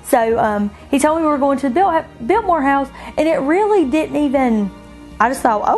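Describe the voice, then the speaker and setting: A woman being interviewed, telling her own story in an animated way, often laughing and quoting herself in a higher voice. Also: moderate pace, poor audio. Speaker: bride interviewed about her engagement. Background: soft background music.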